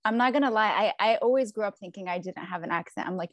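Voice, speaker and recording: A woman's voice: mid-range voice, fast talker, no echo. A woman from California with an American accent, hosting a podcast interview in a chatty, upbeat way with many fillers. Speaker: podcast host. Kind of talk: casual interview chat. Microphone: remote video call.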